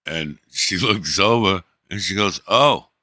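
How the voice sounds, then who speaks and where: Low, forceful man telling a story. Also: measured pace, no echo, studio quality. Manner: profane, animated, acts out the people in his stories. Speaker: streamer. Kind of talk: casual storytelling.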